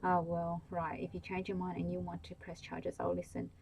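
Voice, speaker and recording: A woman reading a bedtime story aloud, giving the lines of a kindly, firm male policeman in a soft-spoken voice. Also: lowish voice, completely flat delivery, moderate pace, creaky, a little hiss or hum, low-quality recording. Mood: fatherly. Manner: gently firm, fatherly. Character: kindly middle-aged male country policeman.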